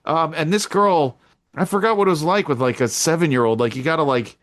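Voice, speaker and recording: A middle-aged man co-hosting a wrestling-talk style podcast in a casual chat, with a fairly high voice for a man. He tells his stories with animation and jumps up sharply in pitch when he acts out what people said. The sound is dry and close. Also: brisk, a bit bright, dry recording. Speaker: podcast co-host; girls flag football coach.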